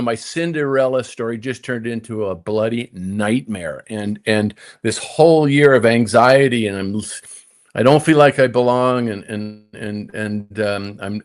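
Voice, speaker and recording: A man's voice: mid-range voice, a little slow. An older man, a former touring golfer, telling a long story in casual conversation, with many repeated restarts, acting out his own inner voice. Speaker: guest, former tour golfer.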